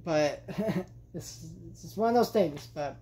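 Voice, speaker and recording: Young woman venting about a movie, kinda low voice, chatty and fed up, lots of likes and you knows. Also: animated, takes it slowly, dark tone, slight background noise. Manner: exasperated, chatty, many fillers. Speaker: movie vlogger. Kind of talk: casual movie review rant.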